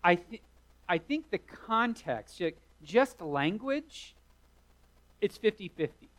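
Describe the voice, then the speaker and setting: A man's voice: high voice, big pitch swings, takes it slowly, a bit bright, rough recording. A man preaching a sermon, retelling a story vividly with rising emphasis. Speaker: pastor.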